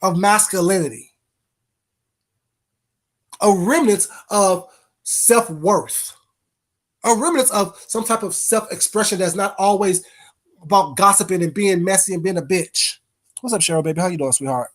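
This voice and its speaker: A man's voice: sits high, a little slow, long pauses. Guy on a livestream going off at trolls, cussing a lot, blunt, stops to say hi to chat. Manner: greets chat viewers by name mid-rant. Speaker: livestream host. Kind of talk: casual livestream rant.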